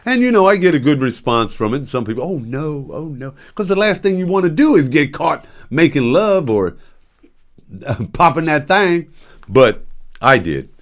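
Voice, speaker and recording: This older show host has a slightly high, very lively voice and keeps a moderate pace. Telling stories in a casual monologue, he frequently breaks into laughter and performs the voices of characters from his anecdotes.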